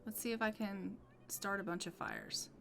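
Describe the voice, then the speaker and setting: A woman's voice: medium pitch, steady tone, normal speed, fairly bright tone, a little hiss or hum. A woman giving casual commentary on her own gameplay, chatty and thinking aloud as she plays. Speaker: gaming YouTuber.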